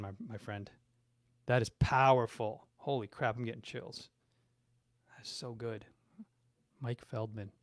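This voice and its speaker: Brief: middle-aged male marketing guest, effusive, mid-pitched, close and dry. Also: no room sound. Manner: enthusiastic and effusive, with frequent restarts. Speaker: branding and marketing expert guest. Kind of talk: live-stream Q&A reading chat comments.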